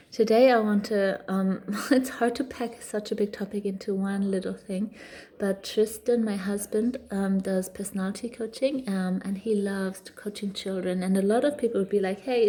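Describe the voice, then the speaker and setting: Woman in her thirties, parenting vlogger, mellow tone, chatty storytelling full of ums and restarts. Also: medium pitch, fairly even intonation, normal speed. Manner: chatty, frequent fillers and restarts. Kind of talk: casual storytelling monologue.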